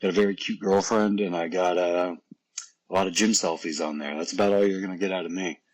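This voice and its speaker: A man's voice: deep voice, steady tone, brisk, poor audio. A man, a professional wrestler guest on a podcast, chatting casually in a joking, self-deprecating and rambling way.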